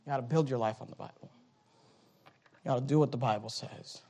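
A man preaching a sermon as pastor in a church, swinging from low, quiet talk to high, loud exhortation, with repeated phrases and stammering restarts. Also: fairly quick, long pauses.

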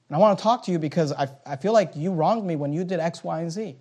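A man with a high voice preaches with animated energy, jumping into acted-out exchanges between people. He drives his points home bluntly and drops in wry jokes along the way. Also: fast, hardly any pauses. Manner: animated preaching with acted-out dialogue and rising emphasis; blunt, joking asides. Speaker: pastor. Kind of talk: sermon.

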